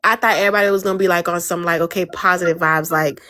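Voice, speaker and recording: A woman's voice: on the low side, steady tone, very fast, pushed and bright, no room sound. Woman host, blunt and teasing, casual live chat, dry close phone sound.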